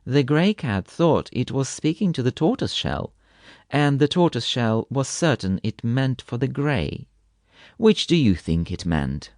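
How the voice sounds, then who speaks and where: Expressive man reading storybook tales. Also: mid-range voice, unhurried, no echo, studio quality. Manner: expressive, gently playful reading. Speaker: audiobook narrator. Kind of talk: storybook narration.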